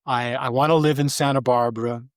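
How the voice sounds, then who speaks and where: With fairly even intonation and a brisk pace, an older Vermont man looks back on his life as an interview guest, his mid-range voice full of fillers and restarts. He slips briefly into a high voice to imitate his mother. No room sound comes through; it's close and dry.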